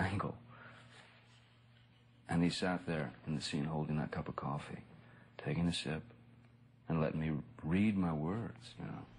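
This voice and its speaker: A man recounting anecdotes in a relaxed interview, rambling and laid-back with frequent "you know" and chuckles. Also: very deep voice, a little hiss or hum. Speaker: actor recalling a colleague. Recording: music bed under speech.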